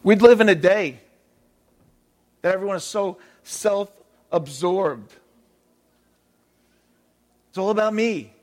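A man's voice: sits high, slow, long pauses, a little mellow. A man preaching a sermon in an emphatic way, repeating his key phrases.

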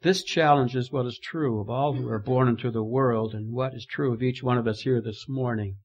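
A man's voice: mid-range voice, steady tone, moderate pace, muffled recording. A man preaching a sermon as pastor, telling a story with emphatic, dramatic delivery.

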